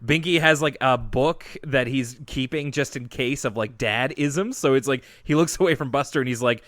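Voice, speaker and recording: A man co-hosting a podcast in casual, animated chat, laughing often and doing playful voices when he quotes. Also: mid-range voice, normal speed, no room sound, clean studio sound. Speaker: podcast co-host.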